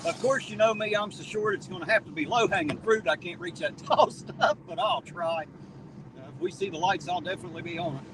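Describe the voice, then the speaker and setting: A man with a high, expressive voice and a brisk pace hosts a laid-back live stream outside at night, chatting and joking while he greets viewers by name from the chat. He's on a town street after rain, and the slightly distant mic picks up faint street noise.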